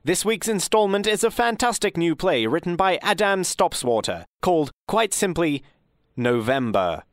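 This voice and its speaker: A man hosting a comedy fact show in a deadpan, pompous mock-radio manner. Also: high-pitched, moderate pace, dry recording, studio quality.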